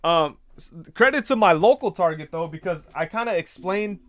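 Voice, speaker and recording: Male livestream host, fairly high, smooth and dry-sounding, loose rambling chat. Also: lively intonation, normal speed, a bit bright, no room sound. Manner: rambling storyteller, retells conversations in quoted voices. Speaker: livestream host reading viewer comments. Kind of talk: casual chat.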